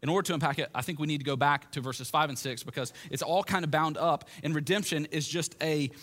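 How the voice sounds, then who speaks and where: Guy preaching in a gym, kinda high voice, chatty, keeps restarting his words. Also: quick pace, a bit bright. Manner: conversational, repeats and restarts phrases. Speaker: pastor. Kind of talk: sermon. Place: gym used as a church hall.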